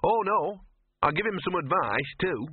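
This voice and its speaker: A man's voice: high-pitched, lively intonation, measured pace, slightly rough, dry recording, voice pushed up, full character voice. A man voicing a scruffy, cynical talking male dog with a smug, streetwise manner. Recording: narrow phone-like audio.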